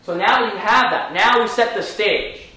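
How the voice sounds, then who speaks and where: A man leading a live sales training, energetic and firing rhetorical questions at the room. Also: sits high, normal speed. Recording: very echoey room from far off.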